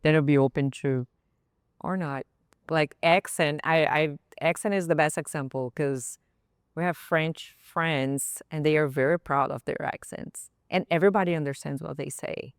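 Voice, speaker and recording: Brazilian woman on a podcast, low smooth voice, frank and laughing, dry sound. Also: moderate pace, no room sound. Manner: frank, laughing, animated storytelling. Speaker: podcast guest. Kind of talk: casual roundtable chat.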